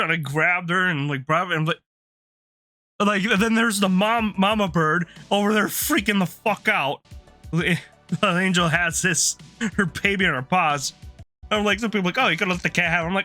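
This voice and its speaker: Man, streamer, casual rambling storytelling, bright tone, faint background music. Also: sits high, brisk, no echo. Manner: rambling, laughs often, restarts sentences.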